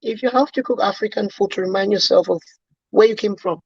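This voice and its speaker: A woman's voice: mid-range voice, brisk, slightly rough, no echo. A woman from Cameroon, a guest chatting earnestly and laughing easily on a video call. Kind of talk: casual chat on a video call. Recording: dull, lo-fi video call audio.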